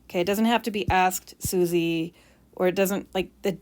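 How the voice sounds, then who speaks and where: A woman's voice: on the low side, fairly even intonation, normal speed, a little mellow, a little hiss or hum. A woman teacher explaining punctuation while writing, with playful mock bragging asides.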